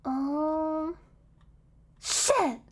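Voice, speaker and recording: A woman's voice: high voice, very slow. A woman streamer chatting casually on a live stream, giggly, rambling and apologetic, with bad hiccups.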